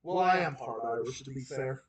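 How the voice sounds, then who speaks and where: A man's voice: mid-range voice, normal speed, a crowd in the background. A man with a Boston accent hosting a livestream and ranting heatedly about politics, repeating himself and restarting sentences. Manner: heated, repetitive, emphatic ranting with many restarts. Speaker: livestream host. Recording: roomy echo, far from the mic.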